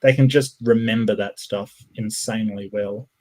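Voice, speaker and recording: A man with a husky, lowish voice talks through ideas at an easy, rambling clip. He restarts sentences often and circles back as he thinks, hosting a casual call-in chat. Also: steady tone, moderate pace, warm tone, low-quality recording. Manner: musing, meandering with many restarts. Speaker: podcast host. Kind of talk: casual conversation.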